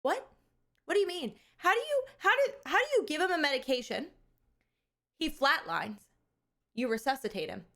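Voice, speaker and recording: A woman's voice: high voice, normal speed, pauses often. Candid, chatty woman streamer. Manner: animated and candid, swears casually, laughs often. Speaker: live streamer. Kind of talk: casual chat with viewers.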